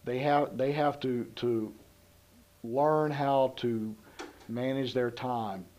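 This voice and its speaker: Male educator, deliberate slow delivery, emphatic. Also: mid-range voice, fairly even intonation, a little mellow. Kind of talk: documentary interview.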